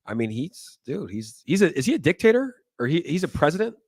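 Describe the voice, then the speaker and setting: A man's voice: a little high, big pitch swings, brisk, darkish tone, no room sound, studio quality. A young man hosting a casual crypto livestream, joking around and reading viewer comments aloud. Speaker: crypto show host.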